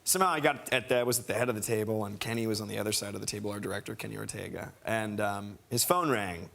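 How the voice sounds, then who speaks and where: A man in his thirties, a guest on a television talk show, telling an excited, rambling story with many restarts. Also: on the low side, quick pace, vocal fry. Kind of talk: casual anecdote. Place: television studio.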